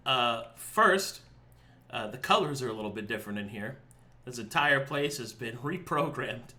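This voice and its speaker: A man's voice: medium pitch, expressive, normal speed, sharp tone. A man running a tabletop game as dungeon master, narrating in a loose, giggly way full of filler words.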